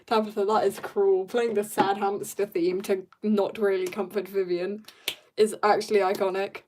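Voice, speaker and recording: A woman's voice: mid-range voice, little pitch movement, normal speed, mellow, slight background noise. A woman livestreaming as she draws, chatting casually with her viewers in a bubbly way and laughing often. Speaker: livestreaming artist. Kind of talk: casual chat while drawing, reading chat.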